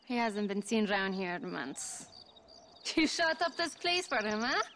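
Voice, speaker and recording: A woman's voice: medium pitch, big pitch swings, moderate pace, a bit bright, slight background noise. A scornful ranch woman. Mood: mocking. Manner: mocking, laughing contempt.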